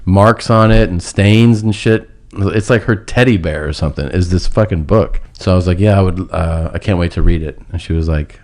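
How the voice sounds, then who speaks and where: A man's voice: deep voice, normal speed, hardly any pauses, darkish tone. A man telling a long, rambling personal story in casual podcast chat, laughing now and then. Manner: rambling, laughs through his own story.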